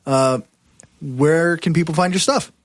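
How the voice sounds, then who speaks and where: A podcast host calmly steering the conversation to the next segment. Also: medium pitch. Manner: unhurried, steering the show. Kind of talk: casual chat.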